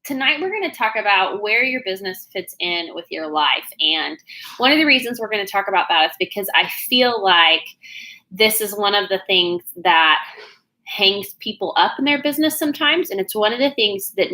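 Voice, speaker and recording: Woman, Oklahoma Southern accent, casual livestream chat, chatty and rambling, bright voice. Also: medium pitch, expressive, normal speed, rough recording. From Oklahoma, USA. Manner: chatty, bubbly, rambling with many fillers. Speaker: business coach. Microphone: no external mic plugged in.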